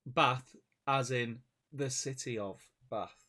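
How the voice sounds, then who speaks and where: A man chatting on a live stream. He rambles through stories, restarts sentences and laughs a lot, at an ordinary middle pitch. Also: slow, bright, forceful tone. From Manchester, England. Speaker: co-host of a tabletop wargaming stream. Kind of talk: casual live-stream chat.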